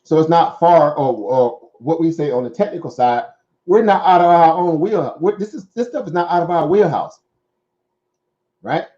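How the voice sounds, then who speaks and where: Mellow-voiced Southern man talking stocks. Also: on the high side, moderate pace, lo-fi sound. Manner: rambling, conversational, many fillers and "right?" asides. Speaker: stock market show host. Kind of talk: casual market commentary.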